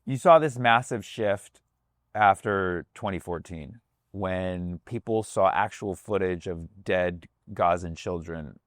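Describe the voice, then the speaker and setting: A man's voice: sits low, takes it slowly, dry recording, clean studio sound. A man, a comedian, talking casually on a podcast, loose and profane, slipping into voices to act out other people. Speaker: comedian guest.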